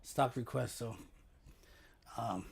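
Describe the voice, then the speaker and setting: A man with a hoarse, raspy voice and a sore throat, clearing his throat often as he hosts a casual stock market livestream with many pauses and fillers. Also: mid-range voice, slight background noise. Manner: halting, with many fillers and restarts.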